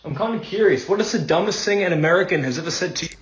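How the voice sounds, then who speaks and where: A man asking a curious question, quick and to the point, in an echoey room. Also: sits high, expressive, highs cut off. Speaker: prompt asker.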